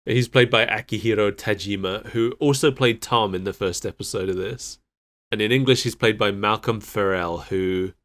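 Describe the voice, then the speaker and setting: A man's voice: on the low side, moderate pace, a bit bright. A man co-hosting a casual podcast chat, laughing often as he rattles off cast trivia. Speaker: podcast co-host.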